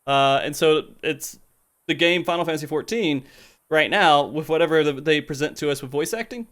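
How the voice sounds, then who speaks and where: A man hosts a relaxed gaming podcast with a slightly higher voice. He talks candidly and rambles, circling back over his own words. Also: normal speed. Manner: rambling and candid, with many restarts. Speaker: podcast host. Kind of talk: casual gaming podcast chat.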